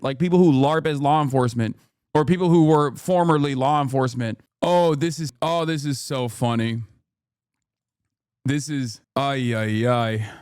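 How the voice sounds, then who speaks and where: A man hosting a live stream, reacting to news in an animated, mocking way with sudden incredulous outbursts. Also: fairly high pitch, moderate pace, no room sound, studio quality. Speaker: livestream host.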